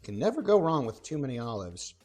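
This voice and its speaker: A young man chatting on a cooking livestream, rambling and excitable, with playful exclamations and restarts. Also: mid-range voice, brisk. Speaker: streamer. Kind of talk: casual cooking livestream chat. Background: faint background music.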